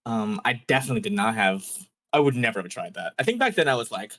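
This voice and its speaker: A man's voice: lowish voice, fast talker. A man, the group's game master, chatting casually and laughing at his own old voice work. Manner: laughing, self-deprecating, animated. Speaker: dungeon master. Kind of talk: casual chat among players.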